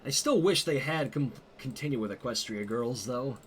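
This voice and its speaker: Lively-voiced co-streamer chiming in. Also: medium pitch, moderate pace. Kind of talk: casual chat while gaming.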